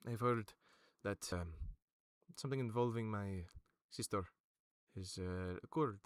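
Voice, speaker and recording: A man voicing a solemn young crown prince who speaks formally and quietly. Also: a little slow, clear, resonant tone, no room sound, studio quality, lightly acted. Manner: low, quiet, formal speech.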